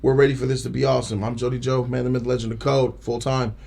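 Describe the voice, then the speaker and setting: A young man hosting a casual trailer reaction chat, animated and joking, laughing often. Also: mid-range voice, fast talker, gravelly. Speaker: host.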